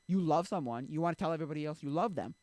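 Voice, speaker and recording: A man's voice: fairly high pitch, very fast, no room sound. Rambling man musing on faith. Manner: rambling, self-interrupting, many fillers; animated when acting out quotes. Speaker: streamer. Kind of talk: casual chat about faith.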